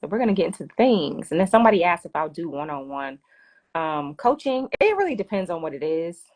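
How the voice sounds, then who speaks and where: A woman hosts a relaxed finance Q&A livestream. Her voice is animated and varied in pitch, and she talks in a chatty, easygoing way with frequent laughter, recorded on a phone. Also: a little fast. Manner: laughs often, apologetic and chatty. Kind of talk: casual live Q&A chat.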